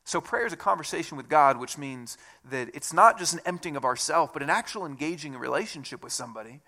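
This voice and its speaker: Bright high-voiced man preaching casually. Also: expressive, fast talker. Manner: conversational, self-deprecating asides. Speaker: pastor. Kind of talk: sermon.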